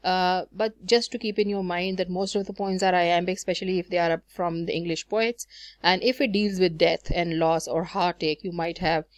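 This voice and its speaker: A woman's voice: on the low side, fairly even intonation, moderate pace, dry recording, studio quality. A woman teaching a lesson on poetic meter, explaining patiently with frequent fillers and self-corrections. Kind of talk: recorded lecture on poetry.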